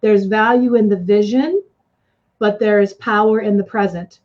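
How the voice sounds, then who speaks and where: An earnest woman coach talks in a casual interview, expressive and punchy. Her voice sits at an average pitch. The recording sounds a little dull and lo-fi. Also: moderate pace. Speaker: life coach guest.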